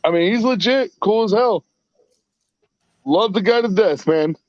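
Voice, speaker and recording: A man co-hosting a casual podcast, chatting excitedly and laughing between lines. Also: high-pitched, measured pace, no echo. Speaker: podcast co-host. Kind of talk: casual chat. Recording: dull lo-fi call audio.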